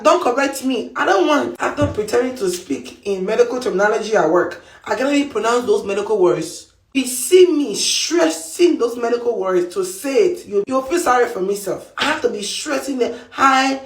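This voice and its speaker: A woman's voice: high voice, expressive, normal speed. A woman from Africa telling a story in a playful, exclaiming casual monologue. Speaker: healthcare worker. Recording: roomy echo.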